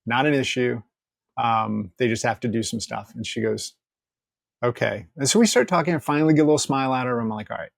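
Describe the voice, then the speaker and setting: A man, a podcast guest, telling a story in casual conversation, candid and joking, quoting people in lively asides and swearing freely. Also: medium pitch, fast, gravelly, no echo, studio quality.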